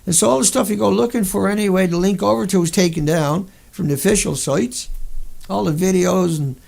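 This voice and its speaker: A man's voice: sits high, fairly quick, vocal fry, darkish tone. A man hosting a video, delivering an angry monologue over pictures in a furious, profane rant full of sudden outbursts. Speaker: video host.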